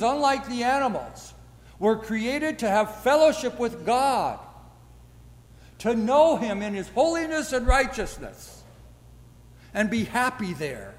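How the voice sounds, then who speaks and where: A man's voice: high voice, in a large hall. An older man preaching a sermon as pastor, folksy and full of rhetorical questions.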